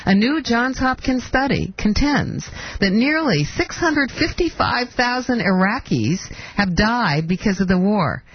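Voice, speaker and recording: A woman's voice: mid-range voice, husky, no echo. A woman hosting talk radio, giving a sarcastic political commentary monologue full of mocking rhetorical questions, in dull lo-fi broadcast audio.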